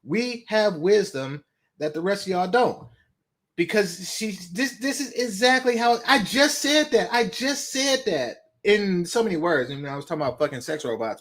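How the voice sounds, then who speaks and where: Bay area guy reacting to clips, high animated voice, laughs and cusses a lot. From San Francisco Bay Area. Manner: laughing, mocking, swears often. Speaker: reaction video host. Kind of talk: profane reaction commentary.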